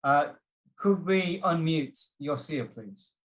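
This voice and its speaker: A workshop instructor on a video call, teaching an English test-prep session in a patient, inviting, slow and measured way. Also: mid-range voice, lively intonation.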